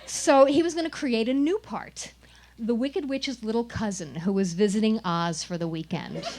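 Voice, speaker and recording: A woman's voice: on the high side, normal speed, a little mellow. A woman performing a wry, comic personal story at a live storytelling showcase. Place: small live venue.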